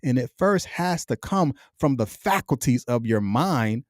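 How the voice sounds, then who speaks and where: A man's voice: medium pitch, expressive, a little slow, no room sound, studio quality. A middle-aged man hosting a podcast, delivering a reflective motivational monologue in a repetitive, preacher-like cadence. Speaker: podcast host.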